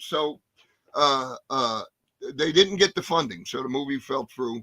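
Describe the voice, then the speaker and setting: A man in his sixties, a guest actor telling animated, profane stories in a casual interview. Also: mid-range voice, measured pace, dry recording. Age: 60s. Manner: animated, profane, acts out scenes.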